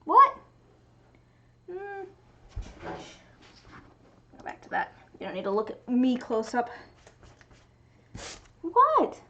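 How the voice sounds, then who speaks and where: A woman's voice: on the high side, sing-song, slow, pauses often, darkish tone, a little hiss or hum. Young woman chatting to her cat on a stream. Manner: talks to her cat in a cooing baby voice. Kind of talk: casual livestream chat. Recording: muffled lo-fi stream audio.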